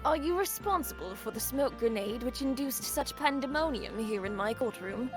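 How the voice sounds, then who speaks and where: Woman as a stately elderly judge, pompous, higher-pitched, over music. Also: animated, moderate pace, close to an everyday voice. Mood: stern. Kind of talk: voicing a game character on stream. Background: background music.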